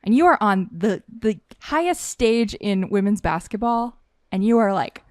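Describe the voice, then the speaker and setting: A woman's voice: mid-range voice, expressive, measured pace, no room sound. Chatty woman in her thirties, dry mic. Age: 30s. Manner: chatty, self-deprecating, lots of fillers. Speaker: podcast co-host. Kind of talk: casual sports chat.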